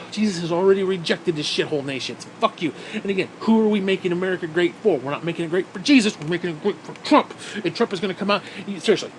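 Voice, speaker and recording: A man's voice: high voice, fast talker, slight background noise. A man delivering an angry, profanity-laden rant to camera, sarcastic and swearing constantly. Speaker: vlogger. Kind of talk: profane ranting monologue.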